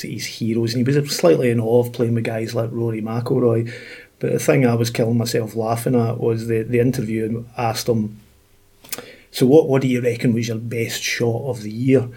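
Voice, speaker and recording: A man's voice: mid-range voice, darkish tone, husky. A Scottish man, a golf expert on a podcast, chatting casually and telling stories with lots of fillers. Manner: chatty storyteller, many fillers.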